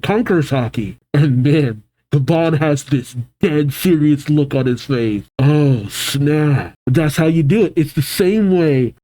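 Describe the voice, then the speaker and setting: A man hosting a manga reaction video, reading along and reacting emotionally with sighs and halting exclamations. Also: fairly high pitch, warm tone, poor audio. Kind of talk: casual reading and reacting to a comic.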